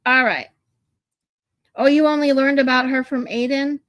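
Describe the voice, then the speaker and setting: A woman's voice: sits high, steady tone, moderate pace, a bit bright, no echo. A woman hosting a casual livestream, talking to her chat in a chatty way and laughing easily. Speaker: livestream host.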